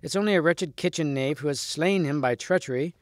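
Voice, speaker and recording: A man's voice: fairly high pitch, fairly quick, no room sound, clean studio sound, close to an everyday voice. A man voicing a scornful, haughty young noble lady who sneers and insults. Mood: mocking.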